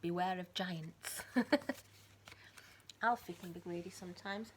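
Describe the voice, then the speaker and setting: A woman teacher reading a storybook aloud to children, swinging between hushed whispers and loud emphasis. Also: lowish voice, fairly even intonation, unhurried, pauses often, a little hiss or hum.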